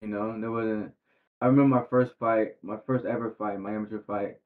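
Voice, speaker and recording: A professional boxer talking as a podcast guest in a laid-back, slangy way, full of fillers. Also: male voice, lowish voice, fairly even intonation, fairly quick. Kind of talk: casual interview chat. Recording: tinny phone-like sound.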